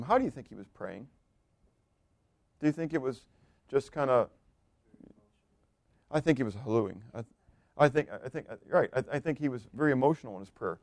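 A man's voice: mid-range voice, animated, normal speed, vocal fry, long pauses, no room sound. A man preaching a sermon in a loose, conversational way, asking the congregation questions and laughing now and then. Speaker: pastor.

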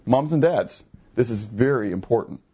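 A man's voice: medium pitch, animated, normal speed, mellow, husky. Man in his fifties preaching, muffled. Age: 50s. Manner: conversational preaching with rhetorical questions. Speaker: pastor. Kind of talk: sermon. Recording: muffled, lo-fi recording.

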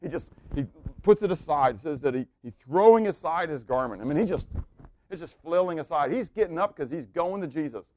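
Man preaching, hushed to loud. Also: fairly high pitch, fairly quick, dry recording. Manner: animated preaching with rhetorical questions, swinging from hushed to loud. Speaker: pastor. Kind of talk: sermon.

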